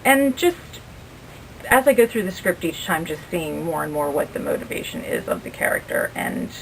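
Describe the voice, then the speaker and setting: A middle-aged woman with a low, gravelly voice talks casually in a backstage interview. She is chatty and self-deprecating. She stands a little away from the mic, with faint noise behind her. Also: expressive, normal speed, far from the mic, rough recording. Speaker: actress interviewed about her role. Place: theater backstage area.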